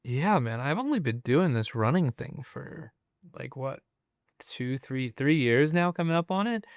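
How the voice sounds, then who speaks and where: Chill guy in his 20s yarning on a podcast, smooth voice, dry close sound, lots of likes and ums. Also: mid-range voice, a little slow, dry recording. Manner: relaxed, chatty, loose with fillers. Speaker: podcast guest. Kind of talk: casual interview storytelling.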